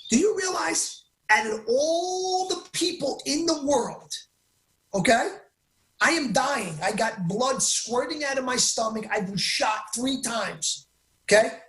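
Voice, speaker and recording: A man as an interview guest, telling his story in an excitable, emphatic way and often cutting himself off mid-sentence. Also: very high-pitched, slow, echoey room.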